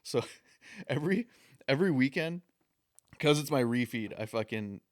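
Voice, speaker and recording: A man's voice: mid-range voice, animated, moderate pace, dry recording, clean studio sound. A young man co-hosting a podcast, telling stories in crude, casual banter and laughing often. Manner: storytelling, laughs often, swears a lot. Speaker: podcast co-host.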